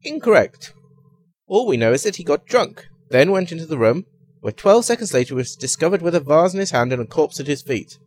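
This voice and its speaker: A man's voice: big pitch swings, fairly quick, darkish tone. A man voicing an eccentric, grandiose male detective in a comic story, with theatrical exclamations. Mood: lofty. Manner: exclamatory, theatrical, high-pitched outbursts.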